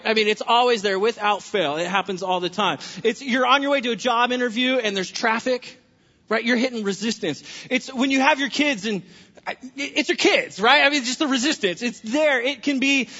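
Man preaching with bright high voice. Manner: animated storytelling, humorous asides. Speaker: pastor. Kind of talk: sermon. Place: church sanctuary. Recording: reverberant hall, dull lo-fi sound.

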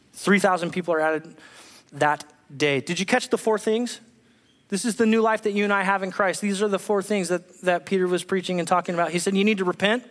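A pastor preaches with a high, bright-pitched voice that carries through a large church. He throws himself into the story, acting out the voices of the people he reads about. His words ring out with a long echo from the hall. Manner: animated, acts out voices of bible figures. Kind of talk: sermon. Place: church sanctuary.

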